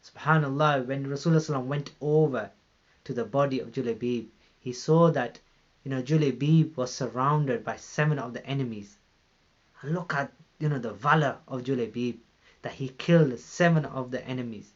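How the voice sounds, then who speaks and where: A man's voice: medium pitch, fairly quick, highs cut off. A British man giving a Ramadan talk at a mosque, retelling a story in an earnest way, often saying "you know". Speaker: mosque speaker.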